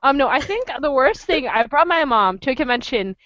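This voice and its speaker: High-voiced woman hosting a chat. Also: fairly quick. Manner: animated storyteller, acts out voices. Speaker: podcast host. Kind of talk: casual chat. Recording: muffled lo-fi dry sound.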